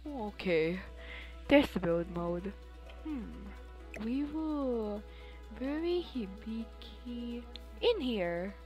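A woman's voice: fairly high pitch, low-quality recording. A woman giving chatty, rambling commentary while playing a life-simulation game, with frequent exclamations. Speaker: let's play host. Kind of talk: casual gameplay commentary.

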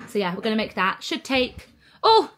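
A woman's voice: a little high, big pitch swings, moderate pace, fairly bright tone, slight background noise. A bubbly woman vlogging casually from a cabin, chatting to the camera and cooing at her dog. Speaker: lifestyle vlogger. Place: cabin in the woods.

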